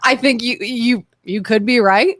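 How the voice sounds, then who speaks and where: A woman's voice: a little high, measured pace, fairly bright tone, no room sound, studio quality. Earnest American woman on talk radio. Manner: earnest and impassioned, many restarts. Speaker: co-host of a call-in talk show. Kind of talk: casual talk show chat.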